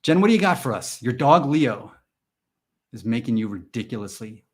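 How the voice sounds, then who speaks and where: A man hosting a live stream and chatting with viewers in a goofy, rambling way, jumping from loud mock-indignant bursts to mumbled asides. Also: medium pitch, big pitch swings, brisk, breathy edge. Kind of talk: joking live chat with viewers.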